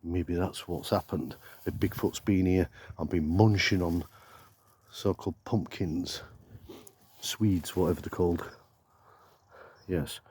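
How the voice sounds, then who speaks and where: A man filming a mock-spooky comedy vlog outdoors in woodland, talking deadpan and pretending to be scared, with lots of swearing. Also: low voice, slow, long pauses, breathy edge. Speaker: vlogger.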